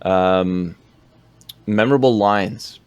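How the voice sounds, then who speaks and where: A man's voice: takes it slowly, smooth, dry recording. A man co-hosting a film podcast, chatting casually and laid-back, with some hesitant fillers. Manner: laid-back, hesitant with fillers, quotes lines in a low growl. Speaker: podcast co-host. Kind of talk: casual film review chat.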